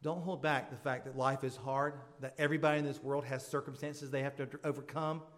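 A man's voice: steady tone, brisk, fairly bright tone. A man preaching a sermon as pastor, pleading with his congregation and building to fervent appeals. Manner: pleading, rising to fervent high-pitched appeals. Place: church sanctuary. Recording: long hall reverb.

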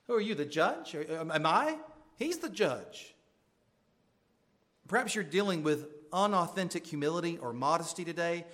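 A pastor delivers a sermon in a slightly higher-than-usual male voice. He preaches with earnest emphasis and pushes his voice up on pointed questions to the congregation. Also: a bit bright.

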